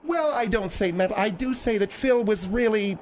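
A woman playing a calm, mild-mannered wife who co-hosts a comedy radio talk show. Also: medium pitch, moderate pace, a little hiss or hum, natural voice. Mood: placating. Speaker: radio co-host.

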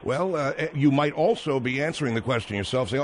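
A man's voice: mid-range voice, animated, a little fast, slight background noise. A man hosting a talk radio show, trying to rein in a long-winded guest and reading out the call-in number. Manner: exasperated, tries to cut in, reads out call-in numbers.

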